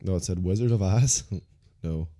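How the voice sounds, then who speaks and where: Deep voiced dude on a beer podcast, really dark sound, swears a lot, super casual. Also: male voice, normal speed. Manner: casual, swears freely, reads ratings aloud. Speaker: podcast co-host. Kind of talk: casual beer-tasting chat.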